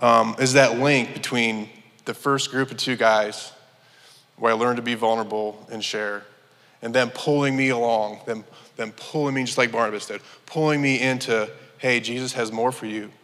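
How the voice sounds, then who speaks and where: A man sharing a personal testimony in a church, earnest and halting, with many restarts. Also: mid-range voice, a bit bright. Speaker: church member giving testimony. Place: church sanctuary. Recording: long hall reverb.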